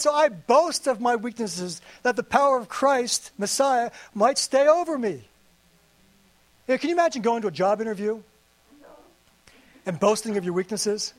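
A man preaching a sermon to a congregation, earnest and conversational with playful asides. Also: very high-pitched. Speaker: pastor. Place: church service.

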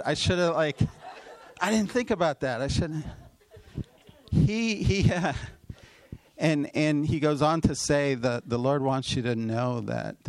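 A middle-aged man, a pastor, telling a personal story in a sermon, with loud emotional peaks and quick asides. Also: mid-range voice, vocal fry. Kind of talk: sermon testimony.

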